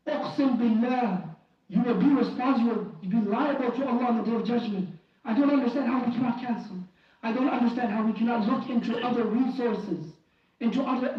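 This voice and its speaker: A man giving an impassioned Friday sermon in a mosque, pleading and fervent, often restarting and repeating phrases. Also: very high-pitched. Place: mosque prayer hall. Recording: very echoey hall, distant and dull.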